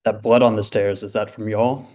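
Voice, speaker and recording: A man playing a tabletop game who talks casually and answers with blunt, quick retorts. His voice sits a little low. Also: level tone, a little mellow. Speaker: player.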